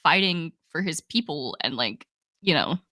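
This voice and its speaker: A woman's voice: sits low, expressive, unhurried, pushed and bright, no room sound, clean studio sound. A young woman co-hosting a podcast, chatting casually and enthusiastically with lots of "like"s. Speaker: podcast co-host. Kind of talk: casual chat.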